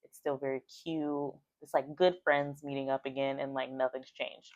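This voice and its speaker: A book reviewer with a rumbling low voice recaps a book's chapters chattily, filling her talk with "like" and acting out bits of quoted lines. Her delivery is flat and moderately paced, and the dry recording has its highs cut off.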